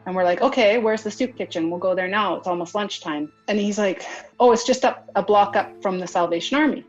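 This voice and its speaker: A woman's voice: medium pitch, fairly quick, faint music behind. A woman recounting events in a casual interview, acting out what other people said as she goes. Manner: lively retelling, acts out other people's lines. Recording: dull lo-fi recording.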